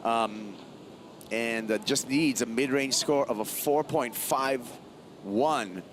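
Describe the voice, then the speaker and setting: A man's voice: mid-range voice, slow, a little hiss or hum. A man commentating live surfing in an easygoing way, laughing between calls. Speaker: surf commentator.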